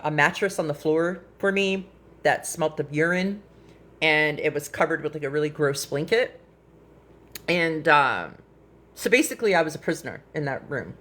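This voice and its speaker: A middle-aged woman, an activist, telling her own experience in a frank, animated way on a casual live stream. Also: sits low. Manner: animated, quotes people in lively voices; frank and blunt.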